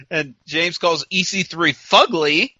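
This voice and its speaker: A man co-hosting a podcast, recapping a wrestling show in casual chat, sarcastic and quick to mock, laughing often and quoting the wrestlers in mock voices. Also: high voice, pushed and bright, no echo, dull audio. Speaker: podcast co-host.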